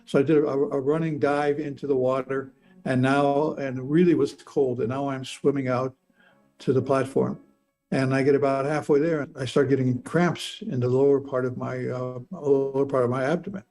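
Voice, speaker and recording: Older man, gravelly and dark, halting personal storytelling with frequent repeats. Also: medium pitch, steady tone, faint music behind. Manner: halting, repeats words, stammers. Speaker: speaker telling a near-death experience.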